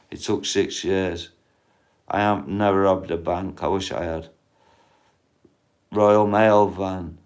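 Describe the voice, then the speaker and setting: A man, rambling and swearing as he chats casually with viewers on a livestream. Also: lowish voice.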